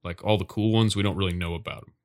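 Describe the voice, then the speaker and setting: A man co-hosting a podcast in casual chat, tossing off jokes and deadpan asides. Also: low voice, fast, no echo, studio quality. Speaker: podcast co-host.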